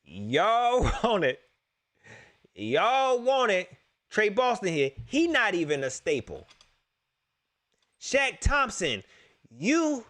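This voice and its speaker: A man hosting a casual sports talk stream, animated and joking, repeating his lines for effect. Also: high voice.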